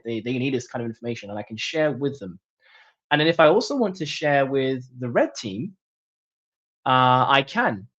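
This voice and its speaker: Chatty man demoing software, lo-fi audio. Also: medium pitch. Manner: chatty, jokey, talks through clicks. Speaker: webinar presenter. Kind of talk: screen-share software demo.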